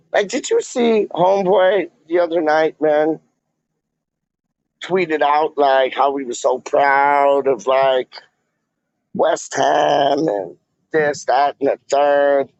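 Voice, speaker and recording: A man rambling through a casual livestream, his voice slightly high and full of gravel and fry. He drawls slowly, piling on slang and "like". The audio is dull and lo-fi. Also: darkish tone, dry recording. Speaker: fan vlogger reading live chat.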